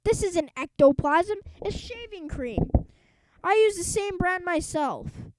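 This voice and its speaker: A woman voicing a blustering, mean male school principal in a storybook reading, loud and scoffing. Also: very high-pitched, lively intonation, takes it slowly, voice pushed up, heavily acted, poor audio.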